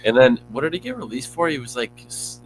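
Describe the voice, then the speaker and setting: A man's voice: medium pitch, very animated, quick pace, slight background noise, low-quality recording. A man co-hosting a casual fantasy football show, easygoing and chatty, hedging his points. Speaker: podcast co-host.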